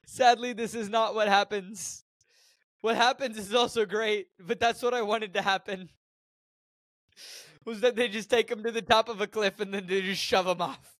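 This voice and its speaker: A man co-hosting a podcast, casually recapping a film from his notes with animated jokes. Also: high-pitched, normal speed, pauses often, dry recording. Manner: animated, joking, reads notes aloud. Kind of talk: casual chat.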